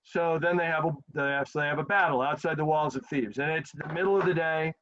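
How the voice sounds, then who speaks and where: Animated male history teacher, lo-fi. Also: fairly high pitch, fast talker, a little hiss or hum. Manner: animated, acts out quotes in a casual voice. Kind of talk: storytelling history lecture. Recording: dull lo-fi sound.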